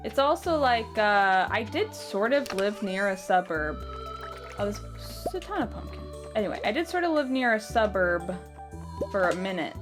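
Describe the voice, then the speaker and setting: Female streamer from New York, mid-pitched, blunt and chatty, over game music. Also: sing-song, normal speed. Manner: chatty, blunt, with casual swearing. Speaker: streamer playing a farming game. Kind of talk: casual chat while gaming.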